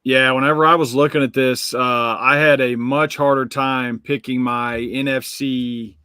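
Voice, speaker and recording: A laid-back man co-hosting a casual sports betting chat, his voice middle-pitched and close in a dry, dead room. He speaks in a measured way and often restarts his sentences. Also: fairly even intonation, bright, forceful tone, clean tone, no echo. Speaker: podcast co-host.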